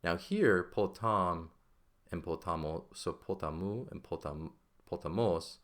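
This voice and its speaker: A man's voice: sits low, measured pace, a bit bright. A man teaching a classical Greek grammar lesson, explaining step by step and often checking in with "right?". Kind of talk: classroom lecture.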